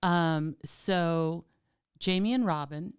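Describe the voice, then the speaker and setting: A woman's voice: on the low side, slow pace, clear, resonant tone. A woman co-hosting a podcast in casual chat, chatty and teasing, with plenty of "like" and "um". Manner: chatty, warm-hearted, teasing, lots of "like" and "um". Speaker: podcast co-host.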